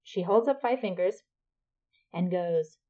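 A woman co-host talks through a film's plot in easy, casual banter. Her voice sits on the low side and she swears freely. The sound is muffled and lo-fi. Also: a little slow. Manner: chatty, swears freely, laughs and jokes. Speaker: podcast co-host. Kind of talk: casual movie recap chat.

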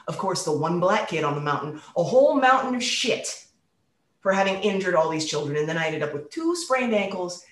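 Woman storyteller, animated and profane, on a podcast with a roomy echo. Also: on the high side. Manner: animated, swears freely, acts out quoted voices.

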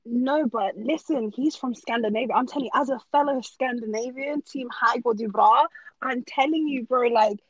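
A woman's voice: on the high side, normal speed, no room sound. A woman from Norway, talking casually and emphatically in slangy chat, ranting on a podcast. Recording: dull dry close sound.

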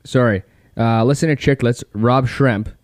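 A man co-hosting a podcast, chatty and quick to laugh in casual talk. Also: medium pitch, fairly even intonation, no echo, studio quality. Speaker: podcast co-host. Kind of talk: casual interview chat.

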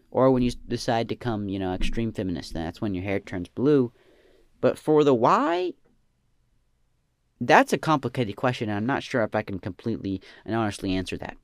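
Young male podcast host, slacker drawl, lively swooping pitch, dry close sound. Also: no echo. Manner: slacker drawl, trailing off with "man" and "bro". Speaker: podcast host answering listener questions. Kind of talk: deadpan comedic podcast banter.

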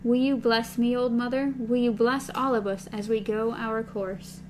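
A woman reading a novel aloud with a partner, giving the characters' lines in a soft, slow voice. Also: a little high, fairly even intonation, slight background noise, low-quality recording. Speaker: reader.

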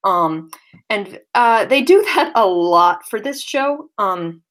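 A woman's voice: mid-range voice, expressive, slow, fairly bright tone. A woman co-hosting a podcast in casual chat, hesitant, with many fillers and easy laughter. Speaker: podcast co-host.

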